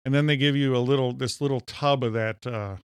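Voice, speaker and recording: A man's voice: mid-range voice, fairly even intonation, a little fast, clear, resonant tone, dry recording, clean studio sound. A man from Minnesota with a Minnesotan accent, co-hosting a podcast and telling stories with enthusiasm. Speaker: podcast co-host. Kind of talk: casual chat.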